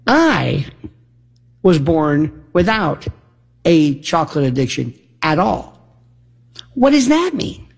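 A male radio talk host in an opinionated monologue, rhetorical and animated, acting out imagined back-and-forth dialogue. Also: sits high, gravelly.

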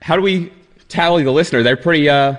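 A man's voice: a little high, fast, fairly bright tone, in a large hall. A man running a quiz segment on a radio show, explaining casually with fillers and restarts. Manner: chatty, explaining with many fillers.

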